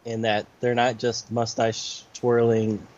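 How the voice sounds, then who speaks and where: A man co-hosting a podcast, talking in a relaxed, rambling way with many fillers. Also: medium pitch, takes it slowly. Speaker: podcast co-host. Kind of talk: casual chat about comics. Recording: slightly dull lo-fi audio.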